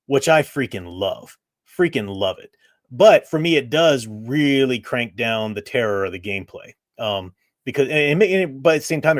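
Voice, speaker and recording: A man's voice: medium pitch, dry recording. A man hosting a casual review show, talking enthusiastically and rambling with frequent restarts. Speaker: host reviewing games.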